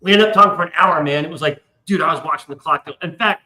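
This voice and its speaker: Fast-talking and pitched on the high side, a man rambles through a long story on his casual live stream, cursing freely. His bright, forward voice picks up a noticeable echo from the room.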